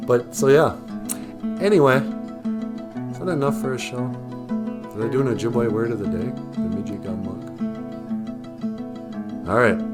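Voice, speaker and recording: A man from Minnesota, hosting a show in a casual joking monologue, rambling and chuckling often. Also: on the low side. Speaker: show host.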